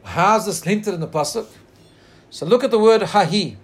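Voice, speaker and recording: Guy with a high voice teaching torah, tells the midrash earnestly, draws out the quotes slow. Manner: pauses to share screen and look up text. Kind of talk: Torah class.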